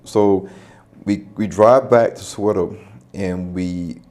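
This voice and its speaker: A man's voice: low voice, slow pace, a little mellow. A man telling a long personal story in casual podcast talk, with repeated words and restarts. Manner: retells events with repetitions and restarts. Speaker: podcast guest. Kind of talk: casual spoken anecdote.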